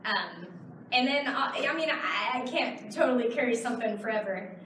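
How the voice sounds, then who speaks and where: A woman's voice: on the high side, expressive, moderate pace, a bit bright, echoey room, recorded from a distance, a little hiss or hum, low-quality recording. A woman in her thirties from Texas, answering audience questions at a convention panel in a chatty, rambling way. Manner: chatty, explains with many fillers. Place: large convention hall. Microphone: far camera in the audience.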